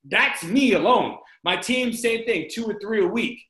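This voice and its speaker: High, bright-voiced man on a video call. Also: measured pace, echoey room, rough recording. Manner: energetic, repetitive, addresses the group as "guys". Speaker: team leader on a group video call. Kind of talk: motivational team training talk.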